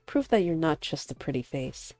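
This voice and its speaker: A woman reads a vengeful young male actor in a visual novel, taunting and sharp. Her own low voice carries the lines without much change. The sound is dry and close. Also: very animated, moderate pace, no echo, faint music behind. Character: spiteful young man, rival actor bent on revenge.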